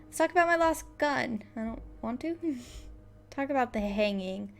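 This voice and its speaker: A woman's voice: fairly high pitch, animated, unhurried, gravelly. A woman giving playful, casual commentary while playing a game, reading its text aloud and laughing often. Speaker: let's player.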